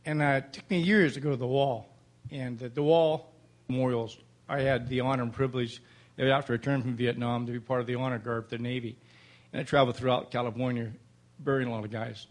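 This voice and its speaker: A man's voice: medium pitch, fairly even intonation, quick pace. Older guy talking at a council mic, folksy and plainspoken, gets emotional. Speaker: public commenter at city council. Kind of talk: public comment speech.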